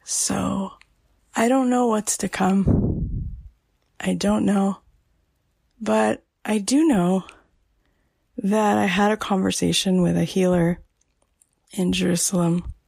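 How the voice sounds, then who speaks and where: A woman hosting a podcast, talking softly and emotionally, often dropping almost to a whisper. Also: mid-range voice, fairly even intonation, takes it slowly, creaky, pauses often, husky, no room sound. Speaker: podcast host. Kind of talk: personal podcast monologue.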